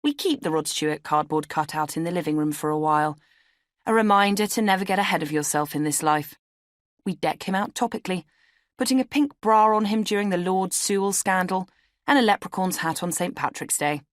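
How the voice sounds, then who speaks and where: A woman narrates her own memoir in a wry, conversational way. Her voice sits low. The studio recording is close and dry. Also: fairly quick, no echo. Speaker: author reading her memoir. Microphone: studio microphone.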